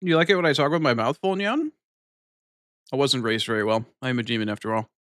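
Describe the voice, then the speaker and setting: This male live streamer is chatty and profane, talking loosely with viewers while eating, mumbled and unhurried, and tacking a cat-like "nyan" onto his lines. His mid-range voice is a bit bright with lively intonation, and the audio is dry and booth-like with no room sound.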